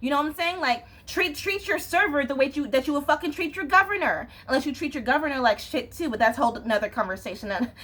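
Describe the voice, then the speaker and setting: Woman, young adult, casual vlog rant, exasperated, swearing, higher-pitched. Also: lively intonation, fast, hardly any pauses, a bit bright. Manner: exasperated, swearing, frequent "you know what I'm saying". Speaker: vlogger.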